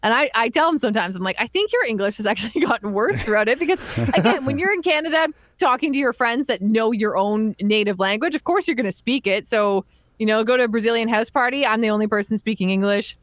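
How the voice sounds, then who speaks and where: A woman's voice: a little high, quick pace, no echo. A woman from Ontario in casual podcast chat, talkative and full of "like". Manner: chatty, runs on with "like".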